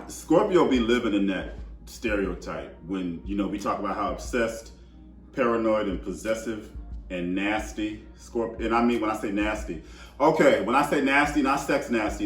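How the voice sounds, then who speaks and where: Male astrology host, lowish voice, casual and emphatic delivery, echoey room with faint music. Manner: chatty and emphatic, with asides and fillers. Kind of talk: casual astrology talk to camera.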